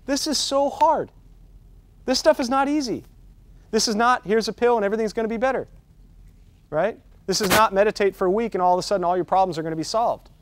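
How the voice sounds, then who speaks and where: This meditation teacher-training workshop leader is a man with a high-pitched voice who talks a little fast, with a bit of hiss or hum in the audio. He's conversational, often checking in with "right?" and building up intensity on his key points.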